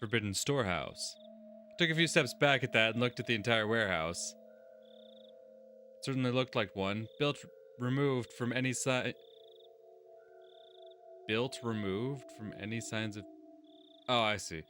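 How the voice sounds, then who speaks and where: A man's voice: mid-range voice, a little slow, pauses often, bright, forceful tone, soft background music. A man hosting a let's-play, reading game narration aloud and adding crude, sarcastic commentary.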